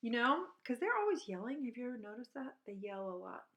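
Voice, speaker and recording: A woman teaching at an outdoor school, reading a bird picture book aloud and chatting about the birds, breaking into high bird calls and hushed whispers. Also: brisk. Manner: shifts to hushed whisper for quiet parts.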